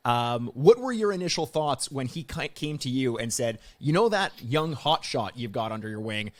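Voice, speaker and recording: A man's voice: medium pitch, sing-song, normal speed. A young man hosting a podcast, introducing a guest in a chatty, teasing way. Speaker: podcast host.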